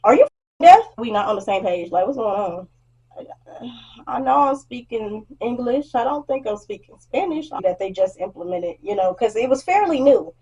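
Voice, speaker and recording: Husky-voiced young woman ranting. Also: on the high side, moderate pace, lo-fi sound. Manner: blunt and animated, acts out customers' lines; swears freely. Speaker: vlogger. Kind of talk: storytime rant.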